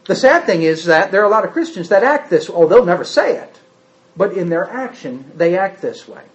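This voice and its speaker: A man preaching a sermon who acts out quoted speech with big swings in pitch and loudness. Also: big pitch swings, a little fast, low-quality recording.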